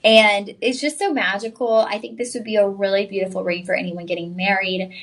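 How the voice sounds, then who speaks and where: A woman's voice: medium pitch, fairly even intonation, fairly quick, fairly bright tone, rough recording. A young woman with a twang presents a jewelry sale on a shopping channel. She talks straight to her viewers in a chatty, enthusiastic way, with a voice in the middle of the female range. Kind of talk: live sales presentation.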